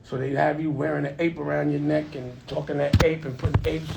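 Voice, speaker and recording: Talking business casually in a studio room, a studio owner uses laid-back slang and keeps trailing off and restarting. His voice is a little high with little pitch movement, fairly quick, with vocal fry and a darkish tone. A distant mic leaves the sound roomy with faint noise.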